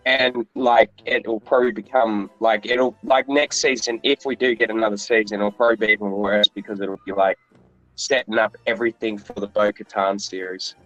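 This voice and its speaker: A man's voice: fairly low pitch, fairly even intonation, moderate pace, a bit bright, no echo, muffled recording, soft background music. A man chatting casually, blunt and mocking, swearing constantly. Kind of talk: casual chat.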